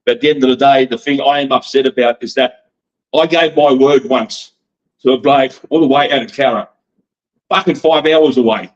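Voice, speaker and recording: Speaking at normal speed with a medium-pitched voice, an Australian wrestling promoter guests on a laid-back podcast interview. He's brash and fired up, cursing freely and laughing often, over a dull, lo-fi recording.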